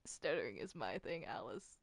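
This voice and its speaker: A woman voicing a mischievous young male cartoon ink demon who teases with a stutter and a deadpan tone. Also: sits low, measured pace, gravelly, no room sound, exaggerated voice. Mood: teasing. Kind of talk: fan voice roleplay.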